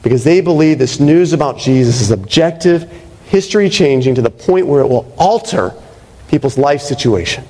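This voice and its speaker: A man preaching a sermon in a chatty, conversational manner, tossing rhetorical questions at the congregation. His voice sits a little high for a man. The sound carries the long reverb of a church hall. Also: expressive, moderate pace, a little mellow. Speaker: pastor.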